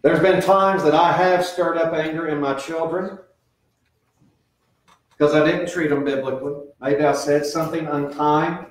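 A middle-aged man preaches a sermon in a relaxed, earnest way. His voice sits a bit high, and it rings through a very echoey church. He sounds some distance from the microphone. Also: moderate pace. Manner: earnest, conversational preaching with lively swings and quoted voices. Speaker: pastor. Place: church sanctuary.

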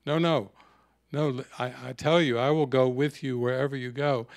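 A man's voice: mid-range voice, steady tone, moderate pace, no echo, clean studio sound, close to an everyday voice. A man doing an upset, protesting disciple. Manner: insistent, protesting.

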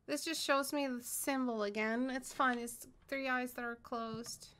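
A woman's voice: sits high, steady tone, a little slow, hardly any pauses, a bit bright. A young woman doing horror game commentary, scared and swearing as she talks herself through it. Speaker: gaming streamer.

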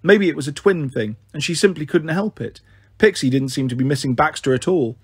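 Husky man reading a storybook. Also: on the high side, no echo, studio quality. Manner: steady, measured first-person reading. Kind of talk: audiobook narration.

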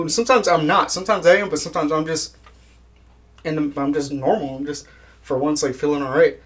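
A man's voice: a little high, fairly even intonation, fast talker. A young man chatting casually in an interview, laid-back, swearing a lot and laughing at his own jokes. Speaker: guest musician.

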